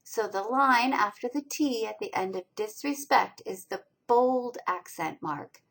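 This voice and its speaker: Slow, carefully enunciating woman teacher. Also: fairly high pitch, creaky, fairly bright tone, poor audio. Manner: slow, deliberate enunciation of sounds and syllables; friendly teacherly explaining. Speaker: college reading instructor. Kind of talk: recorded lecture over slides.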